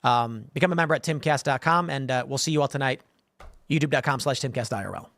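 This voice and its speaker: A man's voice: medium pitch, fast, a bit bright, no echo. A man hosting a livestream show, rambling through viewer comments and joking asides in a casual way. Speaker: host.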